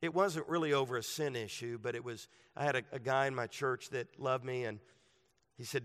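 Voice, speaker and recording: A man's voice: medium pitch, fairly quick, a bit bright. A man who is a pastor, preaching a sermon in a conversational way that turns emphatic at points. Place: church sanctuary. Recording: long reverb of a large hall.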